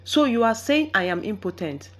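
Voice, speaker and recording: A woman voicing a frustrated, quick-tempered young husband in a storybook reading, in her own voice. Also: fairly high pitch, big pitch swings, fairly bright tone, pitched above the performer's own voice. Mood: angry. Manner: frustrated, angry.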